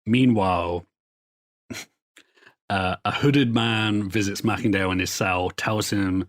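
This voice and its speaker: A man with a very low-pitched voice co-hosts a casual podcast. He rambles through comic book plots in a loose, profane, chatty way. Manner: rambling, profane storytelling with quick put-on quotes. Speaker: podcast co-host. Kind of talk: casual chat recapping comics.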